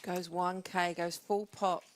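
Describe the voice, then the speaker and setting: A woman's voice: on the low side, level tone, slow pace, a little hiss or hum. Chatty woman commentating poker. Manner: chatty, playful banter. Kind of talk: casual live poker commentary.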